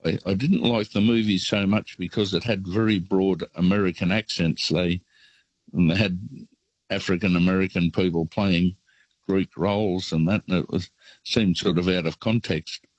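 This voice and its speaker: An older Australian man calling in to a radio show, telling rambling, relaxed travel stories. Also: low-pitched, moderate pace, breathy edge, no room sound, lo-fi sound. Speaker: caller. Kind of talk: phone-in storytelling.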